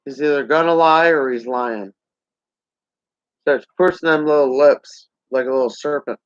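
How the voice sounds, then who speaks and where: A man's voice: mid-range voice, moderate pace, no room sound. A man ranting sarcastically to a camera, heated and rambling. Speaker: vlogger. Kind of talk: political rant to camera. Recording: dull lo-fi sound.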